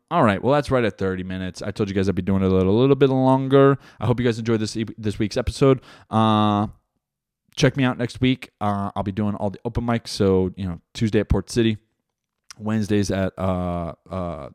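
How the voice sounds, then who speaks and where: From a home room, a young stand-up comic hosts a casual solo podcast, rambling, cursing and animated, with plenty of fillers. His fairly low voice is clear and resonant, a little fast, captured with clean studio sound and no echo.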